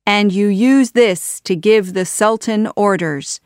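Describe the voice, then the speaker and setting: An earnest young hero speaks up with emphatic, pleading words, as a woman reads him. The delivery is slow and the sound dry and close. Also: mid-range voice, a little mellow, clear, resonant tone, no room sound, pitched above the performer's own voice, lightly acted. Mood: accusing.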